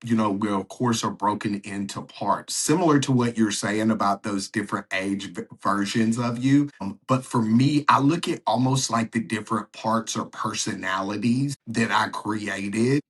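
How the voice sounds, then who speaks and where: A man with a husky, low voice hosts a podcast in a casual way. He listens and encourages, then thinks aloud as he works through his own ideas. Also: moderate pace, few pauses, fairly bright tone. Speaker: podcast host.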